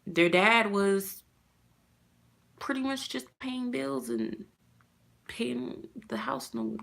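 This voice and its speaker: A woman's voice: a little high, animated, slow, gravelly, fairly bright tone. A mother pouring out a heartfelt, rambling rant to camera, full of "you know" fillers. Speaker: mother vlogging about her custody loss. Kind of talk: casual personal rant to camera.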